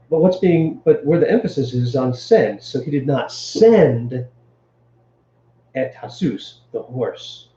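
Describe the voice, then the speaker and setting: A man's voice: mid-range voice, dark tone, roomy sound, highs cut off. A man teaching Hebrew grammar to a live stream, explaining step by step and checking in with his listeners. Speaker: Bible teacher.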